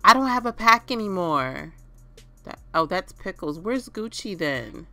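A woman with a bright, clear voice hosts a let's play, reacting to the game with dramatic exclamations. She takes her time, speaking at an unhurried pace, with faint music playing underneath. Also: on the low side, very animated. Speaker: gaming channel host.

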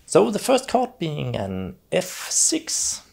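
Man, piano teacher, lively pitch, calm explaining, loud piano behind. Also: slow, gravelly. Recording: talk over loud piano music.

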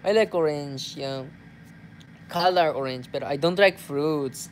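Slow-talking Japanese man, playful vlogger. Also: fairly high pitch, slight background noise. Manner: playful, laughing, mixes in Tagalog fillers. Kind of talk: casual chat reading fan messages.

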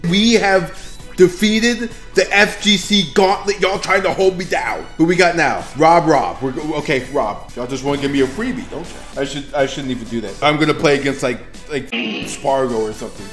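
A man giving excited gameplay commentary as a YouTuber, trash-talking and swearing, dropping to mutters and then bursting into shouts. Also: on the high side, moderate pace, roomy sound, faint music behind. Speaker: gaming YouTuber.

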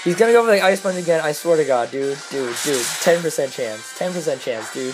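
A young game commentator mutters quick, half-swallowed strategy between swearing, exasperated outbursts over bad luck. The voice sits at a middling pitch. Soft music plays faintly underneath. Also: lively intonation, poor audio. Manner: rushed, mumbled strategy talk between outbursts. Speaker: video game player commentating own battles. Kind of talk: gameplay commentary.

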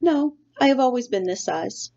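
A calm storybook robot mother speaks formally and literally, as a woman reading aloud puts her on. The voice sits a little high and has a gravelly edge. The recording is dull and lo-fi. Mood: patient. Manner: formal, measured, no contractions.

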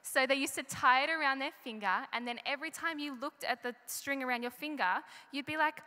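Young aussie woman doing a kids talk at church, bright and chatty, big echoey hall. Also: high-pitched, a little fast, hardly any pauses. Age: young adult. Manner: chatty storytelling, asks the audience questions. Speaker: children's story presenter. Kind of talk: children's talk in church service. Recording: live church recording with long reverb.

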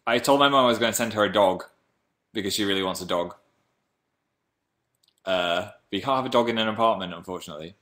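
A man's voice: lowish voice, quick pace, long pauses, pushed and bright. A man hosting a casual livestream, chatting playfully and reading viewer comments aloud. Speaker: livestream host.

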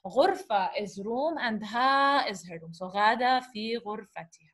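A woman's voice: on the high side, animated, a little slow, a bit bright. A woman teaching a beginners' lesson on letters, patiently sounding out syllables and asking the class questions. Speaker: Arabic teacher.

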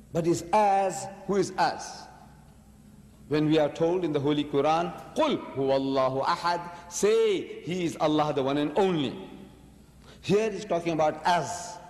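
A man's voice: on the high side, darkish tone. Emphatic preacher man in echoing hall. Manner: emphatic, rhetorical, argumentative. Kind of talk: religious lecture to an audience.

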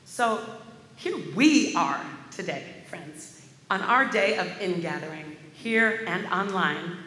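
A woman's voice: lowish voice, lively intonation, takes it slowly, fairly bright tone. A woman minister delivering a sermon as a vivid personal story. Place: large church sanctuary. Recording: echoey hall with faint ambience.

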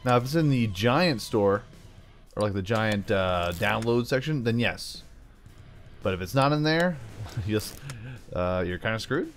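Brief: low-pitched Philly guy, rambling gameplay commentary, faint music under. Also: animated, a little slow, long pauses. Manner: chatty, rambling asides, playful voices. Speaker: gaming YouTuber.

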